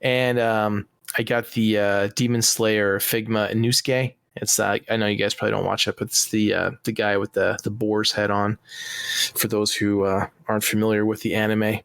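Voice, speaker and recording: A man's voice: fairly low pitch, level tone, moderate pace, creaky, fairly bright tone, clean tone, no room sound. A man co-hosting a comedy podcast, chatting casually in an easygoing, rambling way with chuckles. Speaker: podcast co-host.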